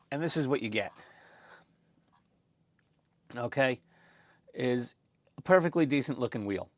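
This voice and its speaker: A man's voice: medium pitch, creaky, dry recording. A man giving casual, rambling commentary as he builds a scale model, chatty and self-deprecating.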